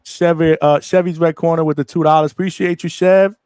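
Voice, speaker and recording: A man hosting a live boxing stream, chatting casually in slang and giving shout-outs to viewers. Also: fairly high pitch, steady tone, brisk, background noise. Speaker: host of a live boxing show.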